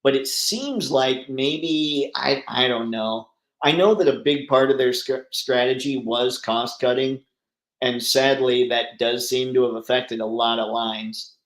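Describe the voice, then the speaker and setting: A man's voice: medium pitch, unhurried, fairly bright tone, echoey room, low-quality recording. A man hosting a casual live stream, chatting and reading out viewer comments with rambling, easygoing talk and easy laughs. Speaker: livestream host.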